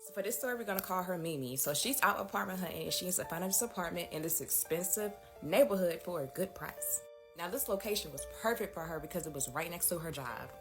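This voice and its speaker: Brief: woman storyteller, chatty, a bit low-pitched, talks to viewers, music under her voice. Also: expressive, fast talker. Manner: chatty, addresses viewers directly. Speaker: storytime host. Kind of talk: casual storytime narration. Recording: music playing behind the voice.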